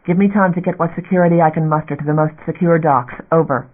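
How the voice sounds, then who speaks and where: Frantic station master, read by a man, strained shouting and pleading, tinny phone-like audiobook sound. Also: a little high, fairly even intonation, fast, lightly acted. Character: desperate male station master under siege.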